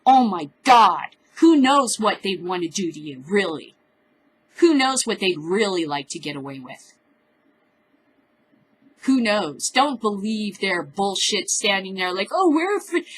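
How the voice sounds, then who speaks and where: A woman's voice: mid-range voice, a bit bright, slight background noise, low-quality recording. A woman hosting a cannabis news show, reading news stories aloud and breaking off into profane, furious, sarcastic rants. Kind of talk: reading news with angry commentary.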